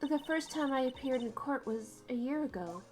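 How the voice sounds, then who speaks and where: A woman's voice: high-pitched, lively intonation, normal speed, a little mellow. A woman voicing a nervous young rookie lawyer who talks in a flustered, defensive way. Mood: determined.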